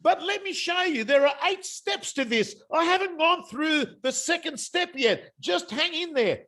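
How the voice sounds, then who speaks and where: A man voicing a pushy amateur salesman who insists loudly on his pitch. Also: animated, measured pace, heavily acted. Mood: overeager. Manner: shouting, insistent.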